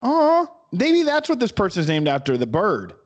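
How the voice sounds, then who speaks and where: A man co-hosts a casual podcast, his voice sitting a little high and swinging widely in pitch as he jokes. He laughs often and reads aloud a bit haltingly. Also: wildly swooping pitch. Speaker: podcast co-host. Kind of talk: casual chat.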